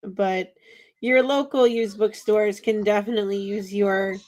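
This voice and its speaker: A woman's voice: mid-range voice, steady tone, unhurried, a little mellow. A woman chatting as a guest on a book podcast, teasing and playful. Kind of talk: casual chat.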